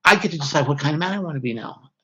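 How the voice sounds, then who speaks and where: A man's voice: a little high, lively intonation, very fast, sharp tone, husky. A man, a guest author, speaking candidly and reflectively in an interview, often breaking off mid-thought. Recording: slightly dull lo-fi audio.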